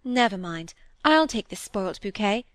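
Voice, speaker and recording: Careless, teasing young woman read by a woman, brisk storybook voice, dry sound. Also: medium pitch, expressive, no echo, close to an everyday voice. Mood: breezy. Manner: brisk, breezy, dismissive.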